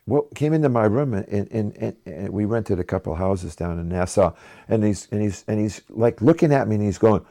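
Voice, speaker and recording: A man's voice: lowish voice, animated, normal speed, dark tone. A man, a musician guest on a radio show, casually telling stories from touring, chatty and laughing often. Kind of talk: casual anecdotal storytelling.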